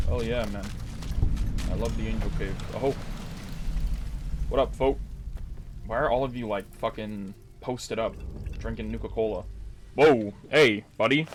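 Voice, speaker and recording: A man's voice: fairly low pitch, moderate pace, pauses often, a little hiss or hum. A young Canadian man giving casual, sweary, joking let's-play commentary. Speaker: gaming video host.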